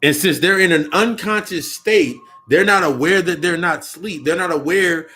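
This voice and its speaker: Young male occult vlogger, slightly high-pitched, profane and rambling, casual monologue. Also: normal speed, pushed and bright, breathy edge, soft background music. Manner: profane, rambling, repeats and restarts phrases.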